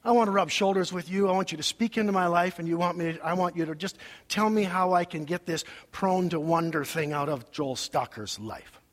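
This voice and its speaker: High-voiced man preaching in reverberant hall. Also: brisk. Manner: sings hymn lines, drops to hushed near-whispers, rises to shouts. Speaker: pastor. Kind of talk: sermon.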